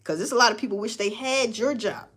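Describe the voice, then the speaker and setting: A woman's voice: mid-range voice, lively intonation, quick pace, fairly bright tone, slightly rough. A woman talking bluntly and profanely to her viewers, preaching about work and faith in casual commentary. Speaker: social media commentator. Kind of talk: casual live-stream commentary.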